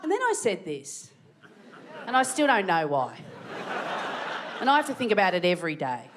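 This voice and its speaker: An Australian woman doing animated, brash stand-up storytelling on a theatre stage, acting out the people in her stories. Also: medium pitch, normal speed. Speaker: stand-up comedian. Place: large theatre stage with a live audience. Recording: live theatre with crowd and noise. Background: audience laughter.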